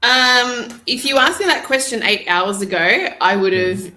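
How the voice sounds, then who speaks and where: Bright-voiced chatty woman. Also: fairly high pitch, animated, measured pace. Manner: chatty, opinionated, laughs easily. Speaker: panel guest. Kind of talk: casual football chat.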